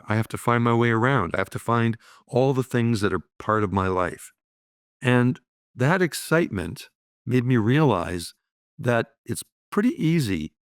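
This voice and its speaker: Gravelly upbeat man in his sixties. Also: on the low side, dry recording, studio quality. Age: 60s. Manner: upbeat, frequent "you know" and "right?". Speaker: guest, business owner. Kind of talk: reflective conversational storytelling.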